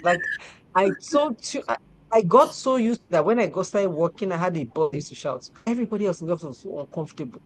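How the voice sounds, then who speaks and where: A middle-aged woman, hosting and telling stories in lively casual chat, repeating herself and laughing often. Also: on the low side, fast, no echo, rough recording. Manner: animated, repetitive, laughs often. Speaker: show host.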